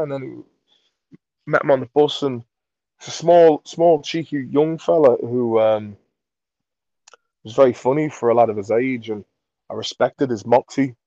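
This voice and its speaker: A man from Merseyside, a comedy creator, telling rambling sweary anecdotes in a relaxed interview. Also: mid-range voice, moderate pace, no echo, highs cut off. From Merseyside, England. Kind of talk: casual storytelling in an interview.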